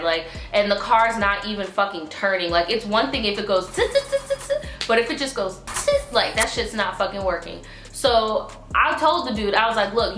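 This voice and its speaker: Animated, foul-mouthed woman telling a story. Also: mid-range voice. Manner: animated, profane, full of "like". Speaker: vlogger. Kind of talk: casual storytime. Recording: roomy echo, faint music.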